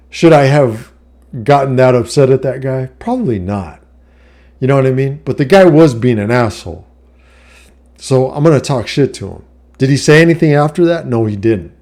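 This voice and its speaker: He's a vlogger, middle-aged, offering life advice as he chats casually to camera in a medium-pitched, somewhat mellow voice. The talk about his life is blunt and full of swearing, with "you know what I mean" following nearly each point he makes.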